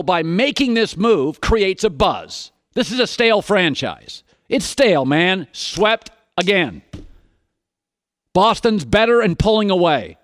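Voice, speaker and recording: A man's voice: high-pitched, fairly bright tone, no echo. A man hosting a sports radio show, delivering an opinionated monologue full of punchy, sarcastic rhetorical questions into a studio microphone.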